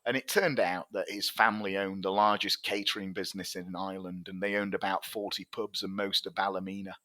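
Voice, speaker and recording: A man's voice: sits low, steady tone, brisk, sharp tone, no room sound. A man, a tech company chief, telling stories in a casual interview, rambling with lots of fillers. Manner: chatty, rambling anecdotes with many fillers. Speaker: tech CEO guest.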